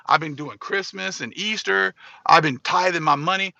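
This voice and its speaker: A man's voice: high voice, normal speed, vocal fry, sharp tone, no room sound, dull audio, exaggerated voice. A man voicing a proud, self-satisfied male churchgoer who sputters and boasts. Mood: boastful.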